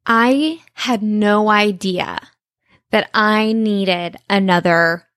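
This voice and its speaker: Woman podcast host, mid pitch, chatty and eager, dry close sound. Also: very slow, a bit bright, no echo. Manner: enthusiastic, chatty, many fillers. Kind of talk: casual chat.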